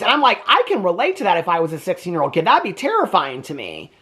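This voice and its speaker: Animated man reviewing a true crime show. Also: high voice, quick pace, few pauses. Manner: animated, indignant. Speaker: true crime reaction host. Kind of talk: casual reaction commentary.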